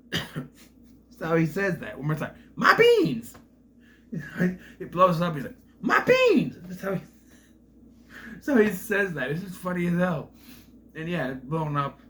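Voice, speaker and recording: A man giving a casual, rambling recap of a film's plot, with restarts and asides, who sometimes acts out characters' lines in loud voices. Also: a little high, a little slow. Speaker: film reviewer.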